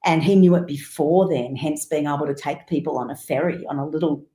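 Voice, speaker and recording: Animated woman telling a rambling story, echoey. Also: deep voice, brisk. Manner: animated, rambling, many asides. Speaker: guest musician. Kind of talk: casual storytelling interview. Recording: roomy echo.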